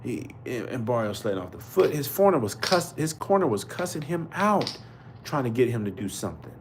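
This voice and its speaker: A man's voice: mid-range voice, big pitch swings, a little fast, noisy background. A man hosting a live boxing podcast chat, outraged and slangy, repeating his exclamations. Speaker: podcast host. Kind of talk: live fight commentary chat.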